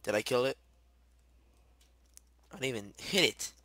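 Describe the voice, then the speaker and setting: A young man giving rambling, excitable commentary while playing a video game. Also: medium pitch, unhurried. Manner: chatty, rambling, excitable, shouts when startled. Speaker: gamer. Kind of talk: casual gameplay commentary.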